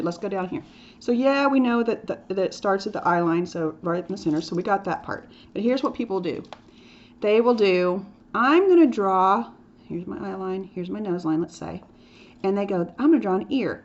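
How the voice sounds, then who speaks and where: A woman's voice: medium pitch, normal speed. A woman teaching a drawing lesson in a playful, chatty way, dropping into whispered asides as she demonstrates. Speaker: art teacher. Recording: dull lo-fi sound with faint noise.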